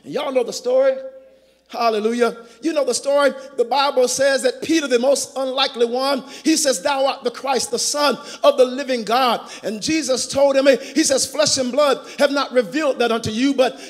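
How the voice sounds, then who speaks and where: A man preaching a sermon in call-and-response style, building to shouts. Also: extremely high pitch, fairly even intonation, moderate pace. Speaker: pastor. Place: large church sanctuary. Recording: long church reverb.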